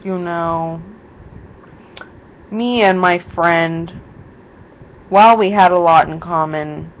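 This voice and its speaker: A woman's voice: fairly low pitch, slow pace. A young woman vlogging casually, rambling through a story with lots of fillers and quoted voices. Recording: dull lo-fi sound with faint noise.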